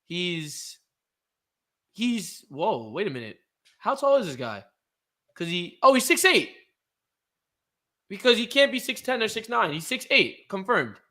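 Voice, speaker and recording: A young man co-hosting a casual sports podcast, excitable and quick to trash-talk, on a computer mic. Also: high-pitched. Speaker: podcast co-host.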